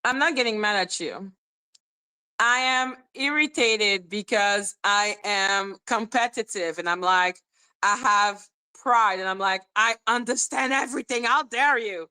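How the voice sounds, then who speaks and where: A woman hosting a casual livestream reads court documents aloud, muttering as she goes and bantering with her chat. Her medium-pitched voice is pushed, bright and smooth, and her pace is unhurried.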